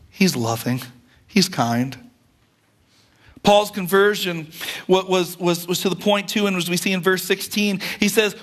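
High-voiced earnest male pastor preaching. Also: a bit bright. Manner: earnest and conversational, with repeated words and restarts. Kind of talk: sermon.

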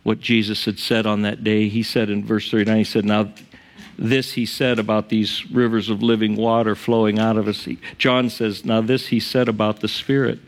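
A male pastor preaching a sermon in church, tearful and emotional, his voice rising high on emphatic lines. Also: level tone, normal speed.

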